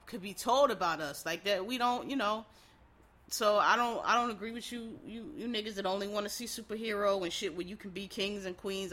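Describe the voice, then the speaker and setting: Bright-voiced blunt, rambling reviewer. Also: medium pitch. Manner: rambling and blunt, with frequent fillers and swearing; frank, opinionated asides to viewers. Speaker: show reviewer. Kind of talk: casual monologue.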